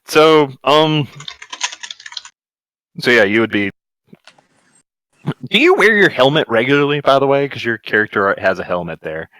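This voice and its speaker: A man's voice: mid-range voice, sing-song, moderate pace, pauses often, fairly bright tone, clean tone, no echo, poor audio. A young man narrating a tabletop game as game master, rambling along. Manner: rambling, many fillers and restarts.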